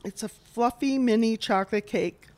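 A woman with a somewhat high voice hosts a relaxed snack tasting. She chats eagerly and reads out packaging descriptions as she goes. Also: normal speed. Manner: enthusiastic, reads product labels aloud. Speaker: host. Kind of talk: casual chat while taste-testing snacks.

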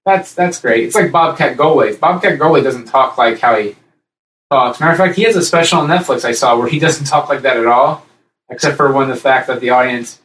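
Male podcast co-host, chatty and rambling, slightly off-mic, middle pitch. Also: fairly quick, roomy sound, far from the mic, low-quality recording. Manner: rambling, animated, jumps into high-pitched impressions. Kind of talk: casual chat.

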